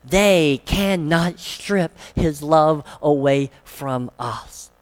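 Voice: medium pitch, very slow. A pastor preaching a sermon, emphatic and fond of rhetorical questions.

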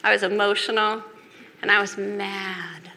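A woman's voice: mid-range voice, flat delivery, a little slow, bright, forceful tone. A woman preaching a sermon as a personal testimony, earnest and confessional, with emphatic repetition. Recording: reverberant hall with faint background noise.

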